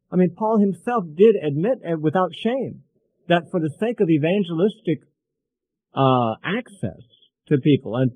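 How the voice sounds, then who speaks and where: A middle-aged man gives a verse-by-verse Bible lesson in an easy, thinking-aloud manner, with frequent asides. His voice sits a little high for a man. The sound is close and dry, with no room echo. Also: phone-quality sound. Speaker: Bible teacher.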